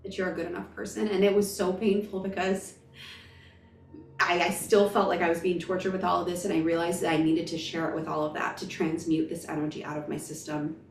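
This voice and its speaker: A woman's voice: lowish voice, little pitch movement, brisk, reverberant, far from the mic, slight background noise. Emotional woman telling a personal story. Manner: emotional, emphatic, gushing. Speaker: spiritual vlogger.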